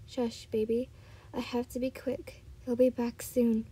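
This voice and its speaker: A woman's voice: fairly high pitch, flat delivery, unhurried, warm tone, breathy edge. Woman voicing a frightened captive mother. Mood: hushed. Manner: trembling, pleading.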